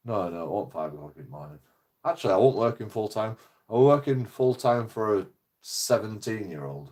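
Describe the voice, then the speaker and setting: A man's voice: lowish voice, animated, a little fast, darkish tone. A man, ranting casually in a rambling, foul-mouthed way. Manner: rambling, heavy swearing. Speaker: vlogger. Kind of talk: casual rant.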